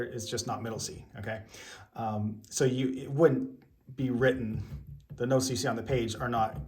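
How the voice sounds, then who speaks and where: A man giving an online piano lesson, explaining each step patiently with plenty of ums and okays. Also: medium pitch. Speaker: piano teacher. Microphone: camera mic.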